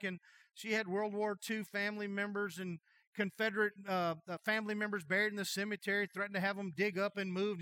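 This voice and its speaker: High bright-voiced pastor preaching. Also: male voice, dry recording. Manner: folksy storytelling, animated, jokey asides. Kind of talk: sermon.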